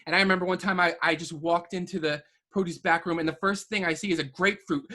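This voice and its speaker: A man's voice: high voice, fairly even intonation, fast, sharp tone. A man telling stories as a podcast guest, hesitant and often restarting his sentences. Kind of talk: casual storytelling chat.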